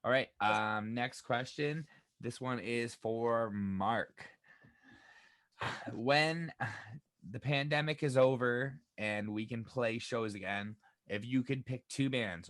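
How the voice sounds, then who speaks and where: A man's voice: fairly low pitch, a bit bright, no room sound. A man co-hosting a casual band interview, asking questions in a loose, chatty way with lots of fillers. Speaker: co-host interviewer.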